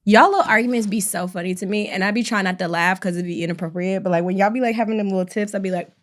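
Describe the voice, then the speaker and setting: A woman's voice: mid-range voice, very fast. A young woman co-hosting a podcast, making slangy, laid-back remarks and teasing in casual chat. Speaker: podcast co-host.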